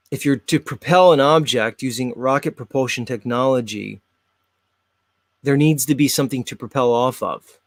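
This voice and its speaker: A man hosts his own show and rambles through casual commentary on videos. He talks straight to his viewers in a chatty way. His mid-pitched voice sounds close and dry. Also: creaky, no echo. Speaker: host.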